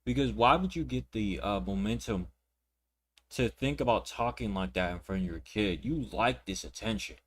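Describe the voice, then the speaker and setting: A young man hosting a reaction video, ranting with indignation and plenty of swearing. His voice sits on the low side, and he often repeats words and restarts his sentences as he talks. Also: moderate pace, slightly rough. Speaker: reaction channel host. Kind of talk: reaction commentary.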